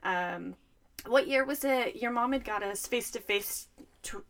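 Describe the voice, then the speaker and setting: A woman's voice: a little high, a little slow, fairly bright tone. A young adult woman co-hosting a podcast in casual chat, rambling and correcting herself as she goes. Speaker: podcast co-host.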